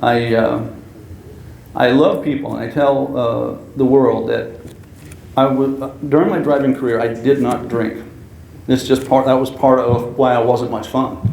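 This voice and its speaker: A man's voice: mid-range voice, steady tone, a little slow, creaky, darkish tone. A man giving an earnest, story-filled acceptance speech at an awards ceremony, laughing now and then. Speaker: hall of fame inductee. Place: banquet hall. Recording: echoey hall, faint room noise.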